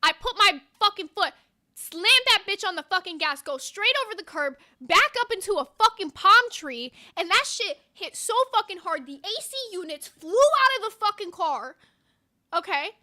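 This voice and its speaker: A young woman co-hosting a casual podcast, telling a story in an animated, profane way with lots of "like". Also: extremely high pitch, moderate pace. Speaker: podcast co-host.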